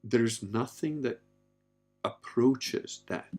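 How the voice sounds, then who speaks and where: A man's voice: medium pitch, drawn-out words, a little mellow, soft background music. A man in his fifties talking candidly in a rambling casual monologue, blunt and given to swearing. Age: 50s. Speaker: podcast host.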